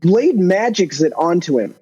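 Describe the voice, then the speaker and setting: A man's voice: high-pitched, big pitch swings, unhurried, mellow, breathy edge. A man who joins a podcast discussion as a listener, chatty and full of added comments, heard over dull lo-fi voice-chat audio. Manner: chatty, adds comments and asides. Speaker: listener calling into the show. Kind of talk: casual chat.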